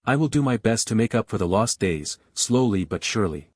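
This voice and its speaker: A man reading a fantasy web novel aloud in steady scripted narration, close to the mic. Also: fairly low pitch, fairly quick, no echo.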